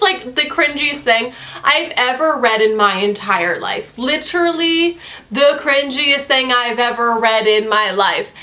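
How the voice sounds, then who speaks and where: Bright, emphatic young woman ranting. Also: high-pitched, slow pace. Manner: exasperated, crude and emphatic, repeating herself. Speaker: book reviewer. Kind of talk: casual rant to camera.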